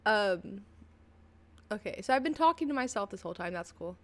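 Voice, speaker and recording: A woman's voice: medium pitch, expressive, moderate pace, fairly bright tone. A woman streaming casually from her PC, chatting in a rambling way full of "like" and "um", giggling often. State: tearful at times. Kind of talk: casual live-stream chat. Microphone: desk microphone at a PC.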